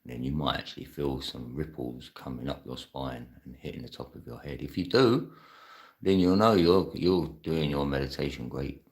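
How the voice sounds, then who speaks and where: Super deep gravelly guy from london rambling on his live chat, laughs a lot. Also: normal speed, a little mellow. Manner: reads and answers viewer chat. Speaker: live-stream host. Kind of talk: casual live-chat monologue.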